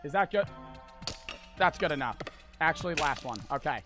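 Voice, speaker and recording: A man's voice: fairly high pitch, expressive, normal speed, faint music behind. Frantic swearing gamer guy. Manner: frantic, swearing, sudden loud outbursts. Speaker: gaming streamer. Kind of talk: frantic gameplay commentary.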